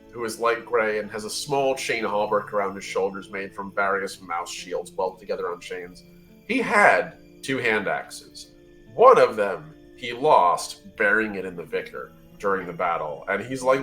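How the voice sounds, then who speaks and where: A man's voice: fairly low pitch, a bit bright. A man narrating as game master of a tabletop game, describing the scene in a rambling, casual way with many fillers.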